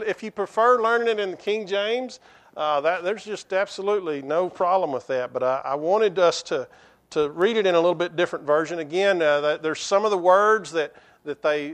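High-pitched man preaching. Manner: halting, with frequent restarts and fillers; slows to a measured pace when reading scripture aloud. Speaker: pastor. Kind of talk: sermon.

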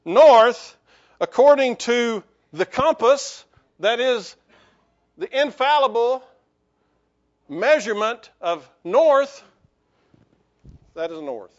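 A male pastor delivering a lively sermon in church, joking with the congregation and calling for amens. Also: extremely high pitch, slow pace, pauses often, lo-fi sound.

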